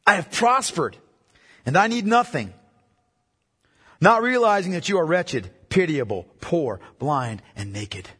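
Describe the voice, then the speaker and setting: A man's voice: fairly high pitch, big pitch swings, a little slow, long pauses, fairly bright tone, husky. A man preaching a sermon, speaking with emphasis, repeating key lines and putting questions to his listeners. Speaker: pastor. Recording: long hall reverb.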